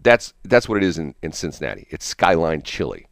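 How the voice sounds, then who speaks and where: Man, radio host, very deep voice, casual rambling morning chat, chuckles, dry sound. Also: very animated, a little fast, gravelly, no room sound. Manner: rambling, chuckling, many restarts.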